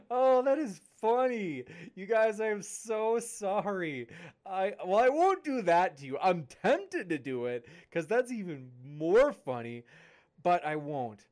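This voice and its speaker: A young man with a somewhat high voice hosts a livestream in an upbeat, chatty way. He reads viewer comments aloud and hypes upcoming events with enthusiasm. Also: very animated, slow, a little mellow. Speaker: livestream host and debate moderator. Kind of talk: casual live-chat reading.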